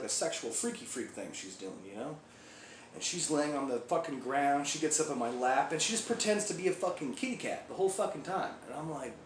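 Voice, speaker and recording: A profane, rambling biker, as an actor plays him, telling his tale in a raised, lively voice that swings high and low. The sound bounces around an echoey room with faint hiss behind it. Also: lightly acted. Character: crude foul-mouthed male biker gang member. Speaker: actor performing a monologue. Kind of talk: comic acted monologue.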